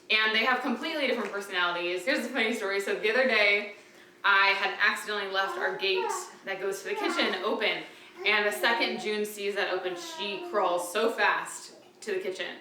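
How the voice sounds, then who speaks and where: A young woman chats to the camera about her twins in a bright, clear voice, fond and rambling, with "like" sprinkled through her talk. She sits some distance from the camera in a room at home, so the sound is roomy, with a faint hiss underneath. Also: mid-range voice. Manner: chatty and fond, many "like" fillers. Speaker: vlogger and mother of twins. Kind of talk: casual chat to camera. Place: room in a family home with babies nearby.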